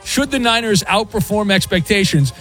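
A man's voice: sits high, lively intonation, normal speed, fairly bright tone, soft background music. A man hosting a sports radio show, chatting casually with a wry, rambling manner and plenty of "uh"s.

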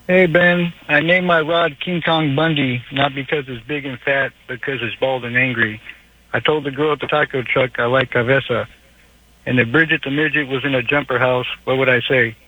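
A man's voice: mid-range voice, steady tone, moderate pace, bright, forceful tone, natural voice. A man calling in to a radio show, firing off crude one-liners in a put-on voice over a phone line. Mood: joking. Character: joking male caller in a put-on voice. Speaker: caller. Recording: phone-line call-in audio.

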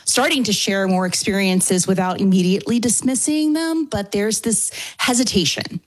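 A woman from New Orleans with a New Orleans accent, a guest on a talk show. She is a paranormal investigator and speaks in an animated, easygoing way, laughing often. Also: mid-range voice, normal speed. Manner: warm, animated, laughs easily.

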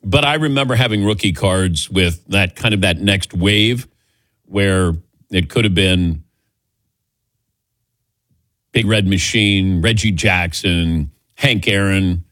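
A man's voice: sits low, takes it slowly, pauses often, a bit bright, no echo, studio quality. A man in his sixties hosting a radio sports call-in show, chatty and self-deprecating, laughing often. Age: 60s. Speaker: radio sports talk host. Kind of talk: casual call-in chat.

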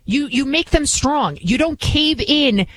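Mocking, animated woman talk radio host. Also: sits high, takes it slowly, no echo, poor audio. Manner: animated, mocking, acts out quoted voices. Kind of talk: opinionated talk radio commentary.

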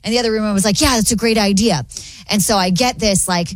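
An animated woman in her thirties tells a story to her co-hosts. She chats casually and puts on voices for the people she quotes. The sound is dry and close. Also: mid-range voice, fast, no echo. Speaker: radio show co-host.

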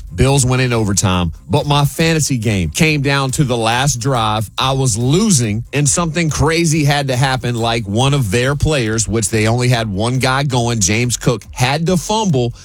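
A young man hosting a morning radio show, telling a story in a cheerful, animated way. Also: mid-range voice, no echo. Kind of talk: upbeat morning radio chat.

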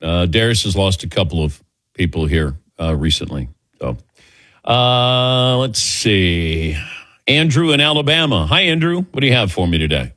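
A man's voice: low-pitched, lively intonation, moderate pace, fairly bright tone, no room sound. A man hosting a call-in radio show, chatting casually with co-hosts and callers. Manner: easygoing, fond of acting out quoted exchanges.

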